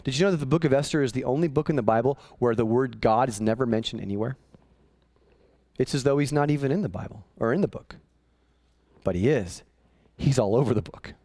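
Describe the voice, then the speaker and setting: A man preaching a sermon, retelling a Bible story as an animated, conversational storyteller with jokes. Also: mid-range voice, a little fast, pauses often, no echo. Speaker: pastor.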